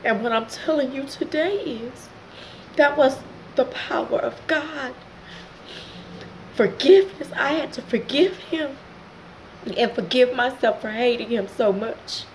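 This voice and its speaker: Host, woman, middle-aged, emotional testimony, slightly high voice, faint background hiss. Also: measured pace, pauses often, rough recording. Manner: emotional, direct address to viewers. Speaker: channel host. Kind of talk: personal testimony vlog.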